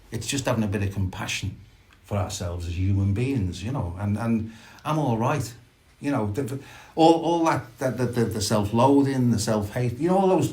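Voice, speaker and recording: A middle-aged man, sharing reflectively and haltingly at a recovery meeting, with many restarts. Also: medium pitch, darkish tone. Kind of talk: personal sharing at a support meeting.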